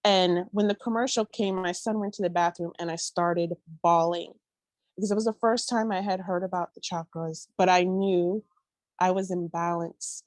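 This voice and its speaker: A woman in her thirties tells a personal story as a podcast guest. She grows animated and emotional, with exclaiming bursts. Her voice is close and dry, with no room sound. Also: lowish voice, moderate pace, dry recording. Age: 30s.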